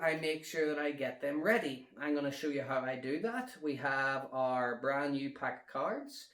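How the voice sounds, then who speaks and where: A man, a magician telling a casual story while demonstrating card tricks and counting cards out loud. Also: mid-range voice, normal speed, few pauses. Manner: chatty, relaxed, counting cards aloud as he deals. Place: at home during lockdown. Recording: roomy echo.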